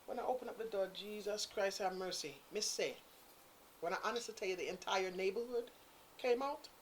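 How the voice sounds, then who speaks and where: A woman's voice: medium pitch, brisk, a little hiss or hum. A woman telling a story in casual chat, acting out the voices of the people in it. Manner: animated, acts out quotes, Caribbean-inflected English. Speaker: guest storyteller.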